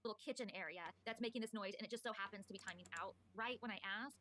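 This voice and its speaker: A woman in casual chat, telling a story with lots of fillers. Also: mid-range voice. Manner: rapid, animated, many fillers. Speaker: podcast co-host telling stories.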